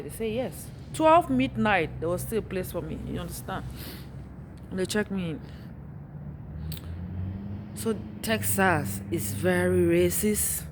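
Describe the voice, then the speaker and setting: A woman's voice: lowish voice, animated, takes it slowly, pauses often, noisy background. A woman from Africa, venting in an exasperated monologue that circles back on itself with rhetorical questions. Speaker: vlogger.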